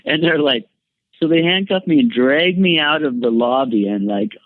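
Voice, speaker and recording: A man, a podcast guest, telling a candid personal story in a lively way, his voice leaping up whenever he quotes himself. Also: moderate pace, dry recording. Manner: animated storyteller, jumps high when quoting himself. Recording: dry, tinny phone-like line.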